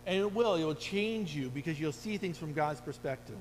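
Middle-aged guy preaching, highish voice, earnest, long hall echo w faint hum. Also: lively intonation, a little fast. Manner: earnest, exhorting, quotes scripture. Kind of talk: sermon.

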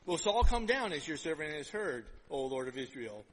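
A man in his fifties preaching a sermon, telling stories with lively acted-out quotes. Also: fairly high pitch, moderate pace, in a large hall, poor audio. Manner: lively storytelling, acts out quotes. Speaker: pastor.

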